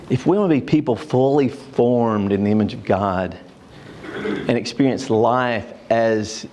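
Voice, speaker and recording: Older man, mid-range voice, church class teacher, storytelling, halting fillers. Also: mid-range voice, a little mellow, a little hiss or hum. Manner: storytelling, with frequent fillers and restarts.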